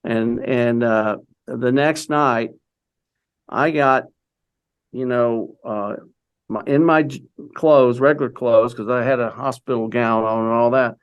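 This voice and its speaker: A man's voice: mid-range voice, steady tone, slow pace, clean tone, highs cut off. An older man, an interview guest, recounting a story in a rambling conversational way, peppered with "you know".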